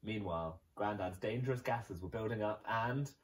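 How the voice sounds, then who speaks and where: A male primary school teacher from England, reading a children's picture book aloud in an expressive storytelling voice. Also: lowish voice, moderate pace, few pauses, distant mic, rough recording.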